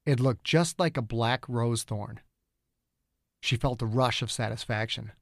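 A man narrating his own audiobook in a steady, measured storytelling style. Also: medium pitch, vocal fry, no room sound, clean studio sound. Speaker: author and narrator.

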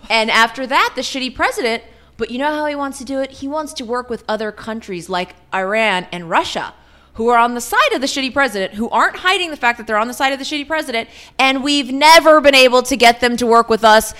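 A woman's voice: on the high side, fast talker, a bit bright. A woman co-hosting a podcast, ranting casually about politics with sarcasm and a lot of swearing. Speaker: podcast co-host.

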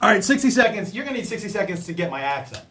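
A man's voice: high-pitched, big pitch swings, rapid-fire, fairly bright tone. A man hosting game night, explaining the rules in casual chat with frequent laughs. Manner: chatty, laughs often, fillers.

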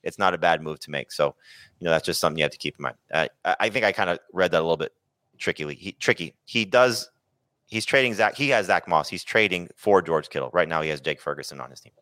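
A low-voiced man hosts a podcast, reading out listener questions and calling on each panelist. His tone is bright and forceful. The sound is close and dry. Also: fast talker, no echo. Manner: reads listener questions, then asks panelists. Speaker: podcast host. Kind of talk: casual podcast hosting.

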